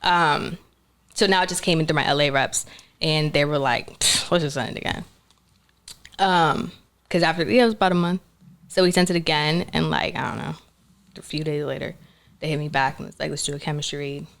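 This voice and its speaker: Laughing, animated young woman telling a story. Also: deep voice, brisk, gravelly. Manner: animated, laughing storyteller who acts out quotes. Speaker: actress guest. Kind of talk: casual storytelling interview.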